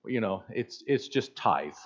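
Man in his fifties, pastor, sermon, animated and conversational, slightly dull lo-fi sound. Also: lowish voice, unhurried. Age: 50s. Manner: animated, conversational, joking asides.

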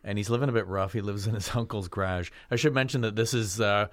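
A man's voice: fairly low pitch, fast talker, dry recording, studio quality. A man casually chatting about a film he picked, rambling with many fillers and restarts. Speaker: podcast co-host. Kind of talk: casual film review chat.

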